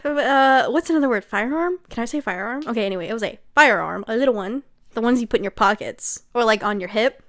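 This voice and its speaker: A woman recaps a book in a loose, conversational way, her voice sitting a little high. She is sarcastic and chatty, and she keeps breaking into giggles between lines. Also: lively intonation, fast talker. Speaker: book reviewer.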